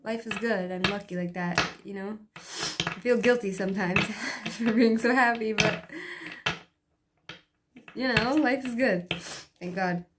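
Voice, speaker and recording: A woman's voice: medium pitch, measured pace, pauses often, heavy background noise. A woman chatting casually to camera in her small home, peppering her talk with "you know" and light laughs. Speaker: vlogger. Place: small one-room home.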